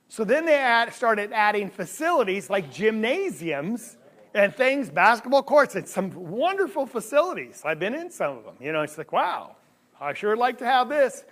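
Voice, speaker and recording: A man teaching a Bible class in a church hall, animated and asking the listeners questions. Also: sits high, moderate pace. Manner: animated, asks the audience questions. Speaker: preacher.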